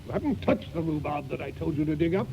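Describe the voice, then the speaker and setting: A gravelly, fairly high voice of a blustering old colonel. He barks orders brusquely. It comes through a muffled old radio recording with a faint hiss. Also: lively intonation, fast talker. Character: gruff, bossy older gentleman colonel. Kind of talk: 1940s radio acting.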